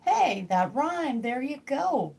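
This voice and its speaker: A woman's voice: sits high, big pitch swings, takes it slowly, vocal fry, heavy background noise. Rambling woman doing a tarot livestream. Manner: rambling, joking, talks to chat. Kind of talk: casual live tarot stream. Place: home.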